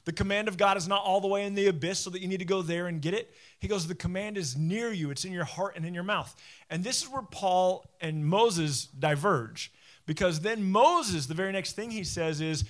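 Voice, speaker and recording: Male pastor, young adult, higher-pitched voice, candid and self-deprecating sermon delivery. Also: moderate pace. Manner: candid and self-deprecating, animated when quoting.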